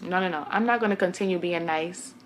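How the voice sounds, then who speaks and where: A woman's voice: on the low side, a little fast, slight background noise. A young woman from Brooklyn, New York, talking casually to camera as a vlogger, a blunt and chatty storyteller who speaks straight to her viewers.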